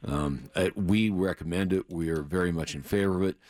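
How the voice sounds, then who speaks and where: A man co-hosting a radio call-in show, explaining points in a halting way with many restarts. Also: sits low, a little mellow, no room sound.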